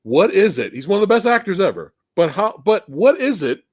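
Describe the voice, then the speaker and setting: A male host in a casual livestream film discussion, animated and rambling, often laughing between points. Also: high voice, a little fast, no echo.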